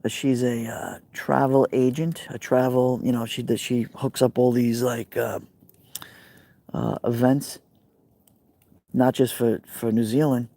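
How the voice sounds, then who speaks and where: A man's voice: medium pitch, level tone, measured pace, mellow, no echo. A man with a Brooklyn accent, live streaming outdoors by a fire pit, rambling casually and answering viewer comments. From New York.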